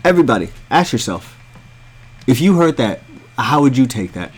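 An American man tells a story to his viewers as a blunt, heated rant full of profanity. His mid-range voice is slightly rough, swings widely in pitch, and moves at a normal speed.

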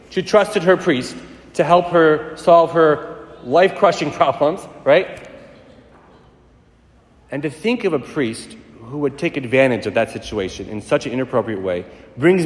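Fast-talking priest preaching in an echoey church. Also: male voice, medium pitch. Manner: fast-talking, emphatic, rising to intensity. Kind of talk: sermon. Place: large church hall. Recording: echoey church hall with long reverb.

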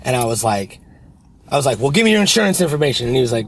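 A man co-hosting a casual podcast from inside a car, telling stories in an animated way and acting out the people in them. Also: medium pitch, fast, vocal fry. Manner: animated storyteller, acts out quoted people loudly. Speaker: podcast co-host. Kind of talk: casual chat. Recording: car interior with road noise.

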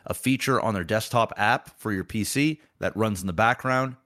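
A man's voice: fairly low pitch, a bit bright. A man hosting a podcast, reading an ad and chatting in a loose, crude, rambling way. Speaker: podcast host. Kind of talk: casual chat and sponsor read.

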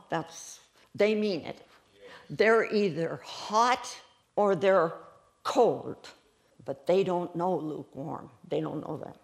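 A woman preaching a sermon, telling stories in an animated way and laughing often as she goes. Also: on the low side, takes it slowly, gravelly. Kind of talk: sermon storytelling.

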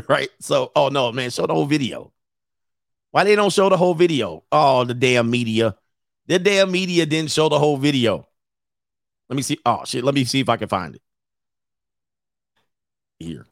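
A man's voice: mid-range voice, gravelly, dry recording, clean studio sound. A man hosting a casual reaction stream, telling a story bluntly and with animation while he acts out quotes. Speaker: host.

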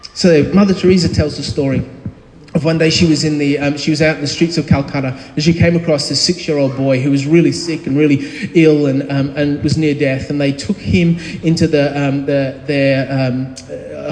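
A man's voice: a little high, darkish tone. A man in his thirties, a pastor giving a conversational sermon with frequent fillers and restarts. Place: church hall. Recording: echoey hall.

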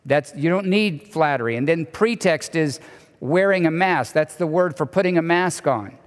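A man preaching a sermon as pastor, animated, sometimes dropping to a soft hushed voice. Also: fairly high pitch, moderate pace. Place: church sanctuary. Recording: long reverb of a large hall.

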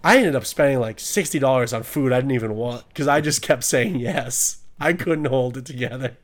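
A man's voice: mid-range voice, moderate pace. A man co-hosting a podcast, telling a crude, joking story and often laughing. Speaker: podcast co-host. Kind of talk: casual podcast chat and anecdote.

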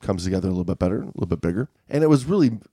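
A man's voice: low-pitched, animated, rapid-fire, warm tone, no echo, clean studio sound. A man co-hosting a diving podcast in casual chat, rambling with many restarts. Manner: rambling, restarts and filler-heavy. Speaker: podcast co-host.

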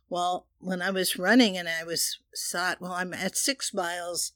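Slow, earnest woman spiritual teacher. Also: fairly low pitch, steady tone, a bit bright, no echo, clean studio sound. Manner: slow, earnest, leads repeated affirmations. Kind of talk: metaphysical teaching talk.

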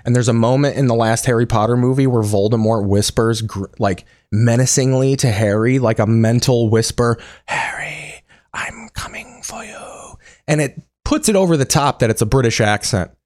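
A man's voice: medium pitch, fairly quick, hardly any pauses, a little mellow, no room sound. A man hosting a comedy show, riffing with sarcastic, profane commentary. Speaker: comedy podcast host.

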